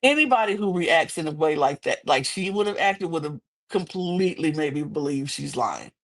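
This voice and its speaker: A young woman co-hosting a podcast, chatting casually and sassily about a reality show and jumping into high, excited exclamations. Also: normal speed. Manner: animated, sassy, swings into high-pitched exclamations. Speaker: podcast co-host. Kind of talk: casual reality-TV recap chat.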